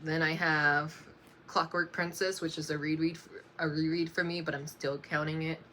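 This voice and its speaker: In this relaxed reading-list video, a young woman works through her books at an unhurried pace, her tone level and her voice low but clear and bright. She keeps pausing to say sorry, laughing gently each time, while a light hum of room noise runs underneath.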